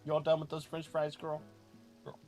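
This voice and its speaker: A man's voice: a little high, monotone, normal speed, darkish tone, faint music behind. A man casually chatting with his live-stream viewers, laughing often and greeting them by name.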